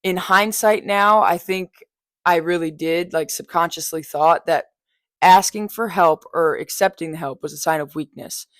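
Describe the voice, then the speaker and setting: A woman's voice: fairly low pitch, normal speed, a bit bright, no room sound, studio quality. Blunt, foul-mouthed young woman podcaster. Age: young adult. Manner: blunt, frank, swears freely, chatty asides. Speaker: podcast host. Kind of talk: casual personal monologue.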